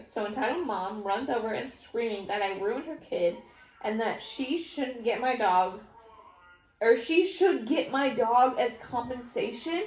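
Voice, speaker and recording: A woman vlogger reading stories aloud in a casual, animated way, often laughing. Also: a little high. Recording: echoey room.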